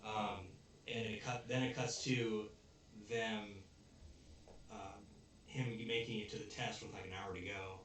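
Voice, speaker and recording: A man's voice: fairly low pitch, level tone, a little slow, fairly bright tone, a little hiss or hum. Young man rambling through a plot recap. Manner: rambling, filler-heavy. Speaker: podcast host. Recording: echoey room, distant mic.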